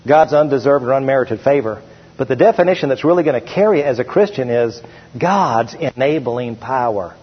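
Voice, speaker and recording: Husky-voiced preaching pastor in a hall. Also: male voice, mid-range voice. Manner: preaching with slowed, emphatic scripture reading. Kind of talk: sermon. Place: church sanctuary. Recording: dull, hall-echoed church recording.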